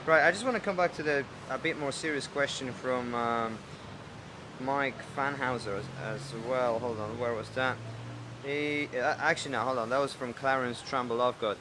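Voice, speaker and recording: A man hosts a relaxed live show from a restaurant, chatting and reading out viewer questions with plenty of fillers. His mid-pitched voice carries a little restaurant noise behind it. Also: moderate pace. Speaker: show host. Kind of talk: casual livestream hosting. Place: Indian restaurant.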